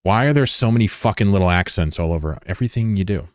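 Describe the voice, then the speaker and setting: A man's voice: deep voice, lively intonation, quick pace, no room sound, studio quality. A man streaming a game and chatting casually with viewers, rambling and curious, with plenty of fillers and swearing. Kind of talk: casual chat with viewers while gaming.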